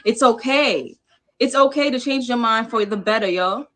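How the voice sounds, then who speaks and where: A woman's voice: fairly high pitch, moderate pace, a bit bright. A woman born in New York with a Jamaican-American accent, talking passionately on a livestream panel, emphatic and repetitive, swearing casually. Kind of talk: impassioned livestream talk.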